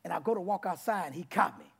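A man preaching his testimony to a congregation in a church, with a rough, abrupt delivery that bursts into loud, excited passages. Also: high voice, quick pace. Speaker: guest preacher. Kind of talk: testimony sermon. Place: church sanctuary before a congregation.

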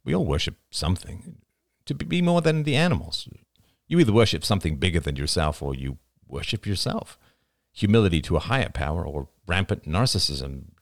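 A man reading the lines of a blunt, guarded man with grim views, in a flat, terse manner. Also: low-pitched, brisk, vocal fry, dry recording, clean studio sound, full character voice. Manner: flat, terse, matter-of-fact. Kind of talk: audiobook character reading.

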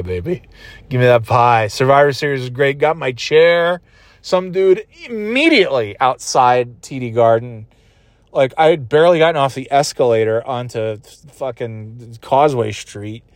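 A man's voice: mid-range voice, expressive, normal speed, dry recording. A man casually rambling as a vlogger, swearing a lot, laughing often and making goofy sound effects. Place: just left a wrestling event in a city.

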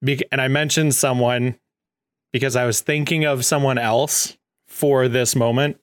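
Male podcast co-host, playful and laughing a lot, mid pitch, dry close mic. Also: steady tone, measured pace, no room sound. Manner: laughs often, rambling and playful. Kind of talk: casual chat.

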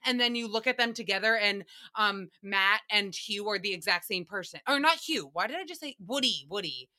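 Bright, animated woman hosting a chat. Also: medium pitch, normal speed. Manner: animated, playful, puts on silly voices for quotes. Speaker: podcast host. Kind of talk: casual recap chat.

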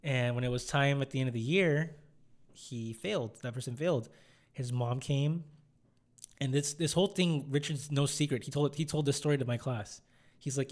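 At a normal speed and medium pitch, a young man chats casually on his podcast. He's a rambling storyteller who slips into character voices whenever he quotes someone.

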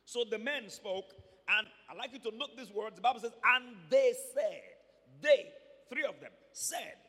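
A man preaching a sermon to a church, moving between quiet asides and emphatic, shouted lines. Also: high-pitched, normal speed, long reverb tail.

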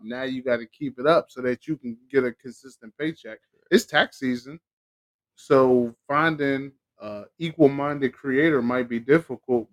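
A man hosting a podcast, chatting casually, joking and laughing often; English is not his first language. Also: medium pitch. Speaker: podcast host. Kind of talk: casual interview chat.

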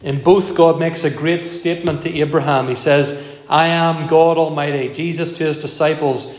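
A male pastor preaching a sermon in a measured, emphatic way, repeating key phrases. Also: a little high, fairly even intonation, soft background music. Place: church. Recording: echoey church hall, long reverb.

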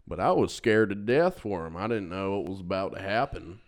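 A man's voice: low voice, lively intonation, moderate pace. A man co-hosting a podcast who tells funny stories about his coworkers in a loose, casual way, cursing freely and laughing at his own tales. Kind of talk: casual storytelling chat.

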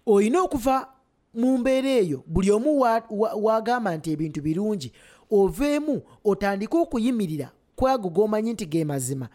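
A man's voice: sits high, animated, brisk, a little mellow. A man interpreting a sermon line by line as it is preached.

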